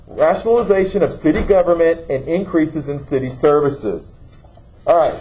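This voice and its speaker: Dark-toned male teacher lecturing class. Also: fairly high pitch, muffled recording. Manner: questioning, checks in with "okay?".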